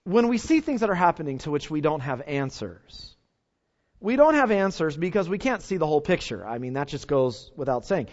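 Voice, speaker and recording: A man's voice: a little high, very animated, brisk, a little mellow. A male pastor, preaching an earnest sermon and putting rhetorical questions to his congregation, on a dull lo-fi recording.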